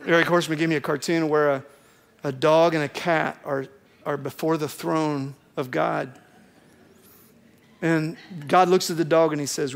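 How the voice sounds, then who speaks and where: A man's voice: fairly high pitch, steady tone, moderate pace, creaky. A man preaching a sermon, earnest and emphatic, building points through repeated lists.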